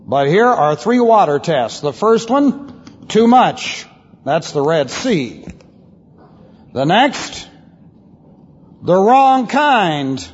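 A high-voiced man preaching with wide, swooping pitch and a slightly husky tone. He teaches from scripture with emphatic rhetorical questions. The recording is dull and lo-fi, with long reverb from a large hall. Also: sing-song, drawn-out words, pauses often. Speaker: pastor. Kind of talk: expository Bible teaching.

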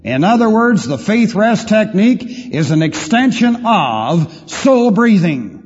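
A high-voiced man preaching with wide, swooping pitch and a slightly husky tone. He teaches from scripture with emphatic rhetorical questions. The recording is dull and lo-fi, with long reverb from a large hall. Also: very animated, measured pace, a little mellow. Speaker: pastor. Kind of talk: expository Bible teaching.

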